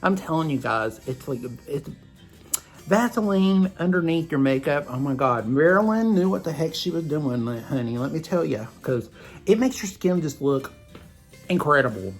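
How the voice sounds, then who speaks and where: A man's voice: on the high side, animated, normal speed, faint music behind. A man with a Southern US twang hosting a makeup vlog, rambling chattily with asides to his viewers. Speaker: makeup vlogger. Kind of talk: chatty beauty tutorial vlog.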